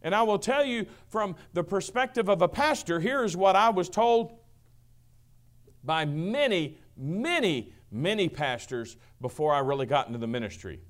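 A middle-aged male pastor preaching a sermon, booming then dropping to a hush, acting out quoted voices. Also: lively intonation, normal speed. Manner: swings from booming to hushed, acts out quotes.

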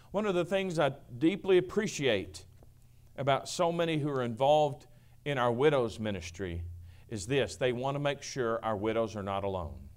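A middle-aged male pastor preaching a sermon, booming then dropping to a hush, acting out quoted voices. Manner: swings from booming to hushed, acts out quotes.

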